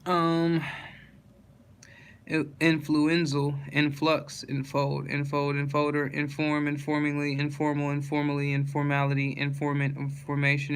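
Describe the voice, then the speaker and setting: A man's voice: mid-range voice, a little hiss or hum. A man steadily reading dictionary words aloud as a list in a level, unvaried delivery, stumbling and restarting on some words. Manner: flat monotone list reading with slips and restarts. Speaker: channel host reading dictionary entries.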